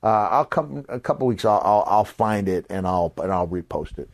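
An older man tells stories on a podcast in a low, close-miked voice with no room sound around it. He acts out the people he quotes and lets his voice jump up to a shout at the punchlines. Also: normal speed, dry recording. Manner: animated storyteller acting out quoted voices, voice jumps to a shout on punchlines. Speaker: podcast host. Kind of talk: casual storytelling.

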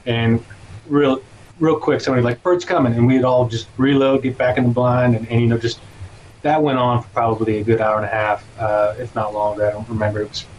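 Flat-voiced man on dull lo-fi audio. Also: mid-range voice, a little fast, a little hiss or hum. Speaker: guest, camera operator. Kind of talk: casual podcast chat.

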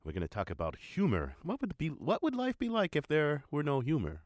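An animated man co-hosting a casual talk show, his voice bouncing lively up and down as he laughs and jokes. He sounds close and dry on a studio mic. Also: on the high side, brisk, dry recording. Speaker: co-host.

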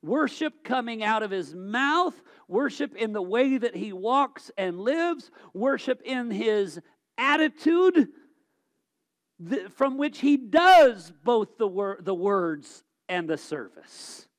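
A man preaching a sermon, emphatic, swinging between loud exhortation and quiet reflection, often repeating words as he thinks aloud. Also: sits high, animated, slow.

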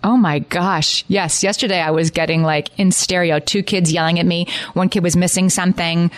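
A woman's voice: lowish voice, steady tone, normal speed, no echo. Upbeat woman co-hosting a podcast. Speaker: podcast co-host. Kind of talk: casual chat.

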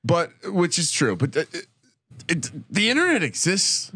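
A man's voice: on the high side, wildly swooping pitch, normal speed, pushed and bright, breathy edge. A man co-hosting a sports podcast, riffing emphatically and swearing freely. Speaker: podcast co-host. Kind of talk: casual sports chat.

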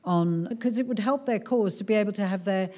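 A woman's voice: mid-range voice, brisk, darkish tone. A woman author, chatting animatedly and joking while answering audience questions at a live talk in a cultural centre. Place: cultural centre hall before a crowd.

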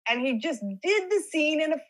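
A woman, an actress guest on a podcast, chatting casually and telling lively stories. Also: high-pitched, fairly quick, poor audio. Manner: chatty storyteller, lively retelling. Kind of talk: casual interview chat.

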